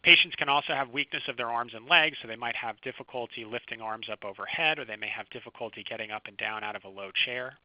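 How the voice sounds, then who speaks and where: A man, a physician, giving a recorded medical lecture over slides, explaining clinical signs in a calm, teaching manner. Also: mid-range voice, fast, hardly any pauses, dry recording. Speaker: physician lecturing first responders. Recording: dry, slightly dull close recording.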